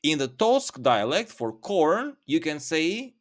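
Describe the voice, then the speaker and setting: Man, language teacher, slow careful delivery, animated pitch, repeats each word. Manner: patient, repeats each word several times. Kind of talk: vocabulary lesson, repeating words slowly.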